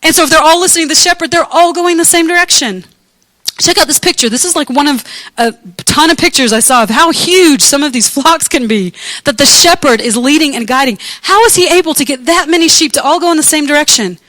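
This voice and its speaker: A young woman pastor delivers a sermon in an easygoing, conversational manner. Her voice sits high, and she slips into squeaky voices to act out scenes. The sound is dry and close, with little room echo. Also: a little fast. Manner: conversational, animated, acts out lost sheep in high squeals. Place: church room with congregation.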